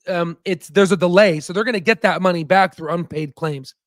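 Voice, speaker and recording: Guy ranting on a stock livestream, kinda high voice, dry sound, lots of "right?" and restarts. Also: brisk, no room sound. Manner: heated and ranting, with frequent "right?" tags; rambling with restarts and self-corrections. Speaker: stock market livestream host. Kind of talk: casual livestream commentary.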